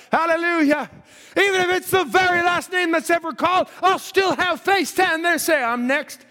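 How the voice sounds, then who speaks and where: A man preaching a sermon, storytelling and acting out biblical characters, swinging from shouts to hushed asides. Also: extremely high pitch, normal speed. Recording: long hall reverb.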